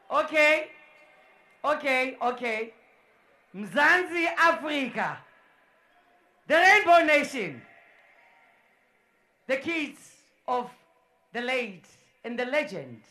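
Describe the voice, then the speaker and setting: A woman MCs a live sports event in an indoor dome. She speaks slowly, with a bright, piercing tone. She hypes the crowd with loud, repeated shouts. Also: high-pitched. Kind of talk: live crowd hype and welcome speeches.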